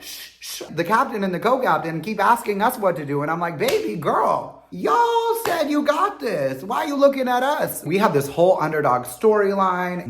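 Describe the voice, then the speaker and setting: A young man telling a storytime monologue about his reality competition run, in an animated, slangy way, acting out what others said. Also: roomy sound, a little hiss or hum. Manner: animated and slangy, acting out quotes with big pitch jumps. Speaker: former reality competition contestant.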